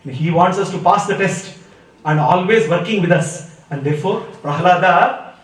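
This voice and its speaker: A man's voice: high voice, moderate pace. Man giving an echoey scripture talk. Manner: storytelling, chants verses. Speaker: spiritual teacher. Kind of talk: devotional scripture discourse. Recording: echoey room, mic far off.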